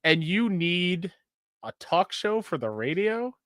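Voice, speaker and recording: A man's voice: high-pitched, big pitch swings, slow, fairly bright tone, a little hiss or hum. A young adult man co-hosting a gaming podcast, joking and reading out news in casual chat. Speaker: podcast co-host.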